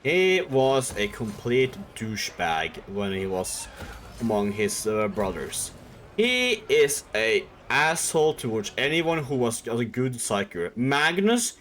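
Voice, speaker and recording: A man's voice: medium pitch, big pitch swings, takes it slowly, a bit bright, slight background noise. A man streaming and casually retelling a story in a rambling, irreverent way, with swearing and laughter.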